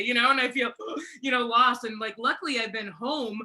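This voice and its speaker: A bright, crisp-toned woman in her forties hosts a relaxed live chat. She talks in a somewhat high voice, chatty and animated, and laughs often as she acts out little quotes. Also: normal speed. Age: 40s. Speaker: host. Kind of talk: casual livestream chat.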